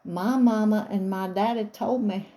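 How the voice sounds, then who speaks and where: A woman voicing a calm little boy who stands up for himself, speaking matter-of-factly with a put-on accent in a storytelling monologue. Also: medium pitch, measured pace, close to an everyday voice.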